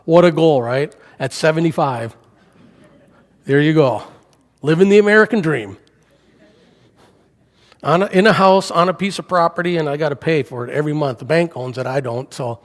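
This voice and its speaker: A man's voice: on the high side, normal speed, long pauses. Older man preaching in a reverberant church. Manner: conversational, asks the congregation questions. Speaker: guest preacher. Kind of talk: storytelling sermon. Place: church sanctuary.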